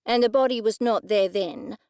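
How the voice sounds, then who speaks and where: A woman's voice: mid-range voice, normal speed, a little mellow, clean tone, no room sound, close to an everyday voice. A woman narrator voicing a stern middle-aged male police detective, probing and accusing in a dry manner.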